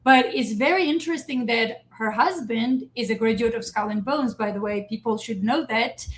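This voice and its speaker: A woman hosting a casual political talk stream, animated and emphatic as she speaks straight to her viewers. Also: fairly high pitch, normal speed, poor audio. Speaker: show host. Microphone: streaming setup.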